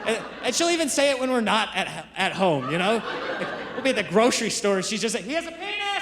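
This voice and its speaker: A man's voice: high-pitched, big pitch swings, a little fast. A man doing stand-up comedy, teasing the crowd in a conversational way, on stage. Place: live comedy venue. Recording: live stage with hall reverb and audience noise.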